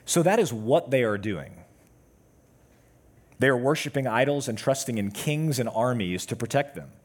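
A man preaching a sermon to his church, with measured, emphatic pauses. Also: medium pitch, expressive, breathy edge. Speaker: pastor.

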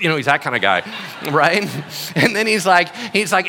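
A man's voice: a little high, moderate pace, creaky, long reverb tail. A man preaching a sermon as pastor, acting out quotes in voices. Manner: animated, acts out quotes and voices. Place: church hall.

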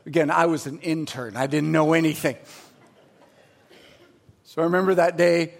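A man in his forties, a pastor, preaching a sermon with energetic storytelling and emphatic, rising delivery. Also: a little high, moderate pace, vocal fry.

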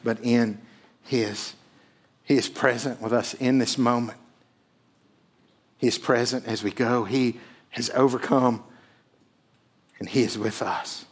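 Pastor guy preaching, mid pitch, goes big and loud then really quiet, keeps saying right. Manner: emphatic preaching, swelling loud then dropping to near a hush, frequent "right?". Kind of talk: sermon.

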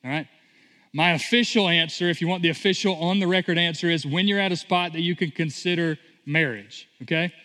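Pastor guy in his 30s preaching, kinda high voice, lots of hall echo, acts out the story voices. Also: brisk. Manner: animated storytelling, acting out voices in quotes. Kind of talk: sermon. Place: church sanctuary. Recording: long hall reverb.

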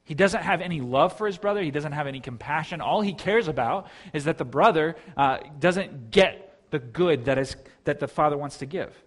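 A man's voice: fairly high pitch, expressive, moderate pace, few pauses. A man pastor preaching an earnest sermon, often restarting his sentences.

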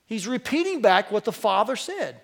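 A male pastor preaching a sermon to a church congregation, animated, his voice climbing as he quotes. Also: high-pitched, normal speed, creaky. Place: church sanctuary.

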